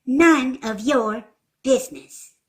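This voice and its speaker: A woman voicing a smug little girl who taunts a boy slowly. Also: high voice.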